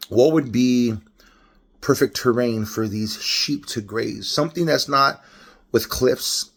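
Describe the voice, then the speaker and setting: A gravelly, medium-pitched man's voice belongs to a lay devotional speaker from Los Angeles with a Los Angeles accent. His unscripted talk is casual and rambling, full of restarts and self-corrections, and he laughs frequently.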